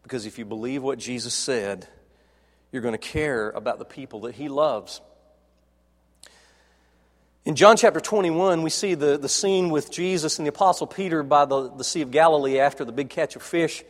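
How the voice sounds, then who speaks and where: A man preaching a sermon in a dramatic way, dropping to soft, low tones as he retells scenes. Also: moderate pace, in a large hall. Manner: dramatic, acts out quoted dialogue, drops to soft low tones.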